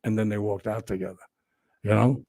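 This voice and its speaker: An older man, a guest telling stories in a casual interview, animated and profane, acting out what people said. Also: fairly low pitch, a little fast. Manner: animated, profane storyteller who acts out quotes.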